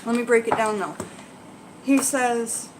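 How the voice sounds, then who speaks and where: A woman's voice: on the high side, fairly even intonation, unhurried, background noise. A woman hosting a casual live Q&A, reading passages aloud and explaining them in a chatty, rambling way with asides to viewers. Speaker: herbalism channel host.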